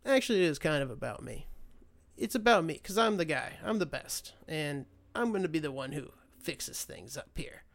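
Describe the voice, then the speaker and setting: A man's voice: a little high, sing-song, moderate pace, vocal fry. A man doing a mocking impression of a boastful, self-absorbed older male politician who brags and dismisses his crowd. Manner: bragging, dismissive, repetitive.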